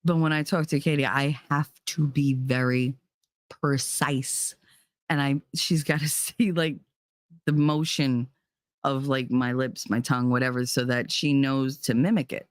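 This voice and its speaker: A woman's voice: extremely low pitch, a little slow, dry recording, studio quality. Blunt middle-aged New Jersey woman. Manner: blunt, swears freely, animated. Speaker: podcast host, parent. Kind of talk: casual candid talk.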